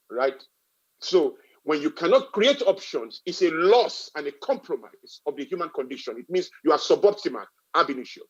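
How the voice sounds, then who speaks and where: A man's voice: a little high, breathy edge, dull audio. A man with a Nigerian accent giving a public talk, emphatic and repetitive, driving points home with rhetorical questions. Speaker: guest speaker.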